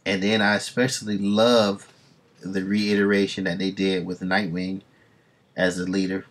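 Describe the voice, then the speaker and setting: A man reading comics aloud on a stream, rambling through enthusiastic fan asides and dropping into quick voices for the characters. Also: low-pitched, little pitch movement. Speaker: comic book reader and streamer. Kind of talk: casual comic reading commentary.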